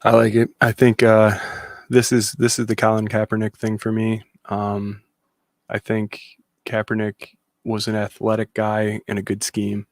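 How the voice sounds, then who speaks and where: Man, gravelly low voice, blunt sports podcast co-host, dry close sound. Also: completely flat delivery, unhurried, dry recording. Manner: blunt, reads out viewer comments. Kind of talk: casual sports panel chat.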